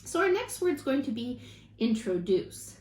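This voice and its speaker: Casting: female teacher, lively sing-song delivery, echoey room with light hiss. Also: medium pitch. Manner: slow, encouraging, drawn-out word modeling. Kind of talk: phonics lesson for young children.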